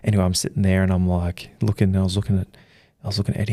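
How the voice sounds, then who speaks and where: A young Australian man hosting a boxing channel, rambling through an excitable, self-deprecating recap of fight week. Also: low voice, racing, dry recording, clean studio sound. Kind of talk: casual storytelling recap.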